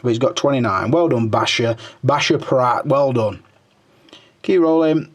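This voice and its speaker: A middle-aged man chats casually through viewer comments on his channel. His voice sits at an ordinary middle pitch, and he fills the talk with crude jokes and swearing. Between comments he drops into low mutters as he scrolls. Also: unhurried. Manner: crude, joking banter full of swearing, muttering under his breath while scrolling. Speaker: toy reviewer and channel host.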